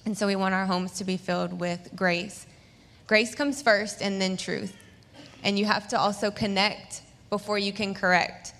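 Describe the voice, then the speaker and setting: Flat-voiced woman preaching in a church. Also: medium pitch, normal speed. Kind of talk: sermon. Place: church hall. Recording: long hall reverb from a church.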